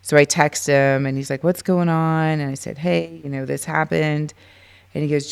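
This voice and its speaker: A middle-aged woman, a podcast guest, telling her story in an animated, casual way and acting out the voices of people she quotes. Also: sits low, normal speed, vocal fry, smooth. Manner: animated, acts out quoted dialogue.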